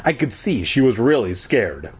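A man's voice: medium pitch, sing-song, moderate pace, husky. A man reading a story aloud and breaking off for sarcastic, profane jokes. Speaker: reader. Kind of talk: comedic book reading with crude asides.

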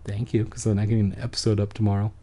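A man's voice: on the low side, flat delivery, rapid-fire, mellow. A man hosting a podcast, reading short stories aloud and breaking off for sarcastic, profane commentary. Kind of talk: comedic story reading with asides.

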